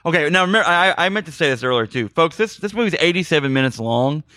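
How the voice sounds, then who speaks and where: A man's voice: fairly high pitch, lively intonation, fast talker, pushed and bright, dry recording, clean studio sound. A man co-hosting a podcast, chatting casually and sarcastically about a bad movie and talking to listeners as "folks". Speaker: podcast co-host. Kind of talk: casual movie-review chat.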